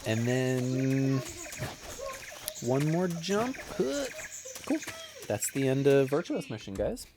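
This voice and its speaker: A man's voice: medium pitch, big pitch swings, slow pace, pauses often, background noise. A man casually commenting over his own video game playthrough, chatty and self-deprecating. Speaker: gaming streamer. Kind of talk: casual let's-play commentary.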